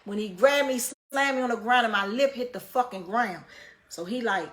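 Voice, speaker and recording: A woman telling a story in a casual monologue, animated and full of profanity, acting out the dialogue she quotes. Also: on the high side, normal speed. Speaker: storyteller recounting prison life.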